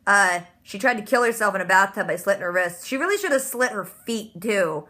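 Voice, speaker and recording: A woman putting on a cool, deadpan menacing woman. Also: medium pitch, a little fast. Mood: deadpan menace.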